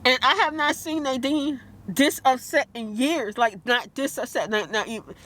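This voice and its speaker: High-voiced woman, upset and rambling. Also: normal speed, fairly bright tone. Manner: upset, rambling, repeats herself; outbursts of disbelief. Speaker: vlogger. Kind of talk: emotional vlog rant.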